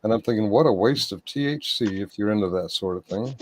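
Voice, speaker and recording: A man from the United States hosting a late-night livestream chat, rambling with halting restarts. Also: on the low side, a little hiss or hum. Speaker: livestream host.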